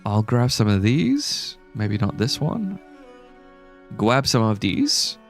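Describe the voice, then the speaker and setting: A man's voice: medium pitch, huge pitch swings, slow, soft background music. A young man streaming a game, chatting casually and thinking aloud as he plays. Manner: rambling, thinking aloud with fillers. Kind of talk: casual live-stream chat.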